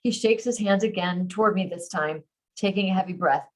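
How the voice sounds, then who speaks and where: A woman who writes romance, reading her own novel aloud in first person with expressive emotion and a chatty sign-off. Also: mid-range voice, poor audio. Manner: expressive, emotional, slows on heavy lines.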